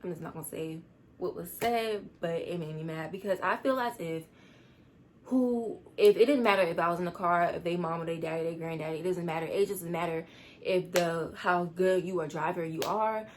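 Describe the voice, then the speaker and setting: A teenage girl telling a storytime vlog, rushed and rambling as she tries to calm down. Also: fairly low pitch, a little hiss or hum. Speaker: vlogger.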